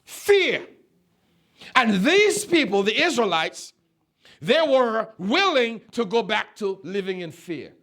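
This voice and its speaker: Emphatic high-voiced pastor from Nevis. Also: male voice, big pitch swings, measured pace, pushed and bright. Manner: emphatic, repeats phrases, rises to high exhortation. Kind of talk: sermon storytelling.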